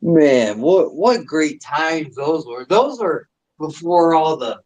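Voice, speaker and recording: A man's voice: fairly high pitch, animated, takes it slowly, darkish tone, poor audio. A man in a casual chat, reminiscing and laughing, peppering his talk with "dude" and "man". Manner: nostalgic, says "dude" and "man" a lot, laughs often.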